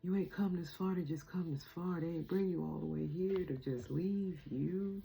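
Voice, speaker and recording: A woman's voice: fairly low pitch, normal speed, creaky, warm tone, a little hiss or hum, rough recording. A young adult woman vlogging about spirituality, emotional and close to tears, talking casually with slang. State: teary, on the verge of crying. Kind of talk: emotional spiritual vlog chat.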